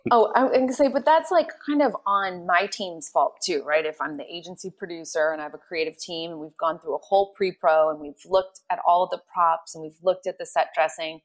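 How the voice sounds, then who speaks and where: A woman guest, an agency producer and filmmaker, talking in a lively way and laughing often on a podcast. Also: on the low side, fairly quick, hardly any pauses. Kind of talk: casual podcast chat.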